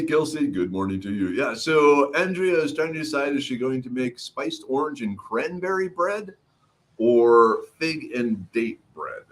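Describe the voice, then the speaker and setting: With a mid-range, slightly bright voice, a middle-aged man hosts an easygoing livestream. He reads the comments and greets viewers by name, chatting as his throat heals.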